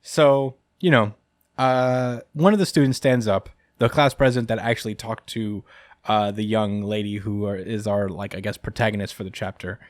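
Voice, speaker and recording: A man's voice: lowish voice, steady tone, normal speed, no room sound, studio quality. A man hosting a podcast who recaps a manga chapter in casual chat. He rambles, chuckles often and fills his speech with "uh" and "like.". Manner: rambling and chuckling, many fillers. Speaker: podcast host.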